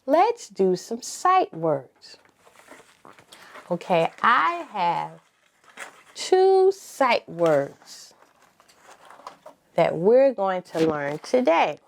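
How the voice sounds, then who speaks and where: A woman leading a preschool circle time lesson, talking slowly and encouragingly and spelling words out letter by letter. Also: medium pitch, very animated, gravelly. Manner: slow, sing-song and encouraging, spelling letter by letter. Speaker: preschool teacher.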